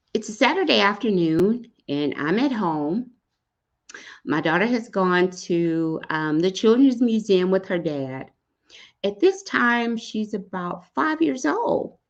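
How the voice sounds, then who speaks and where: A woman's voice: medium pitch, very animated, takes it slowly. A woman hosting a podcast, earnestly sharing a personal story and speaking directly to grieving parents. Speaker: podcast host. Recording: dull lo-fi sound.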